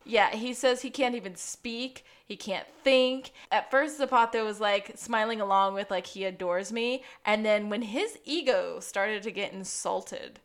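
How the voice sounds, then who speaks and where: A woman's voice: medium pitch, a little slow, hardly any pauses. A young woman co-hosting a casual podcast, chatty and giggly, recapping a show. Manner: giggly, chatty, mimics characters badly. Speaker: podcast co-host.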